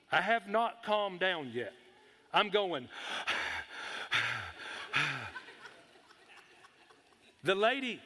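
A man's voice: high voice, sharp tone. A middle-aged man, a pastor telling a folksy story to his congregation in a church sanctuary. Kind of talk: storytelling sermon. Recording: reverberant hall.

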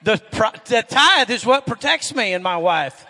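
A middle-aged man, a pastor preaching a sermon in a church and telling folksy stories, getting loud and animated when excited. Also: sits high, a little slow. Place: church sanctuary. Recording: echoey hall with long reverb.

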